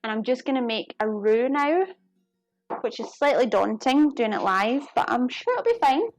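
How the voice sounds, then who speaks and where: A young woman with a strong Glasgow Scottish accent, talking to her live viewers as she cooks. Her voice sits a little high, and she chats in an easy, apologetic way. Faint music plays quietly behind her. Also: expressive, no echo, dull audio. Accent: Glaswegian Scottish. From Scotland. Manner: chatty, apologetic, quick to laugh. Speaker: live cooking streamer. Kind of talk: casual live-stream chat while cooking.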